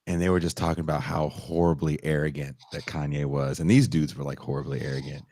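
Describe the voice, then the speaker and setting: Deep-voiced man chatting on a podcast. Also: little pitch movement, quick pace, a little mellow. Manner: rambling storyteller, acts out quoted voices. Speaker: podcast host. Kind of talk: casual chat.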